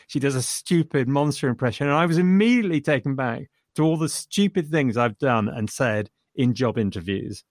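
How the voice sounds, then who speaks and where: A man's voice: mid-range voice, dry recording, clean studio sound. A man discussing a film with enthusiasm, retelling funny scenes and chuckling as he goes. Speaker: film reviewer.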